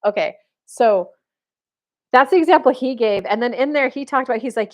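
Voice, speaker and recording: A woman's voice: fairly high pitch, normal speed. A woman dating and spiritual coach, talking casually to camera in a chatty way, telling stories with many fillers. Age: adult mother of boys.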